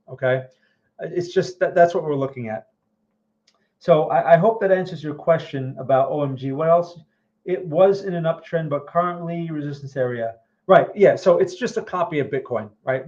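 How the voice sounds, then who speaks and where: A man's voice: fairly high pitch, a little mellow. A man hosting a live market analysis, talking viewers through charts in a loose conversational way and often checking in with them. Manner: conversational, keeps checking in with "right?" and "okay?"; repeats and restarts phrases while thinking aloud. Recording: dull lo-fi sound.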